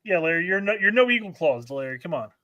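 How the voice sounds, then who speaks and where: Bright-voiced joking man. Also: high voice, big pitch swings, no room sound, highs cut off. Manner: joking, halting with restarts. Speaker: podcast co-host. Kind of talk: casual crude chat.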